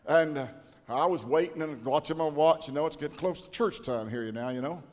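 High-voiced preacher in a reverberant hall. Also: male voice, brisk. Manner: animated, swings into loud shouted quotes; repeats and restarts words. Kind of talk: storytelling sermon.

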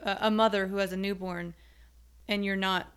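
A woman's voice: medium pitch, steady tone, normal speed, fairly bright tone, smooth. A young woman hosting a podcast in casual chat, chatty and laughing often. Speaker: podcast host.

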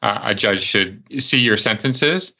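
A man co-hosting a radio show, talking haltingly and repeating words as he thinks. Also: lowish voice, creaky, bright, forceful tone. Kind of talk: casual radio show chat.

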